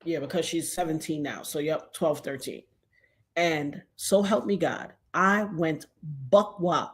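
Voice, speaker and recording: A woman in her forties, vlogging at home and telling a personal story with big emotional swings, from hushed to excited shouting. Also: sits low, unhurried.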